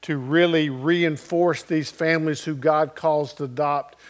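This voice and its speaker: A middle-aged male pastor preaching in a chatty, storytelling manner, pitched a little high for a man. He keeps checking in with the congregation. His delivery swings between loud and hushed. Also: fairly even intonation, unhurried. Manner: conversational storytelling, checks in with listeners. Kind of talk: sermon.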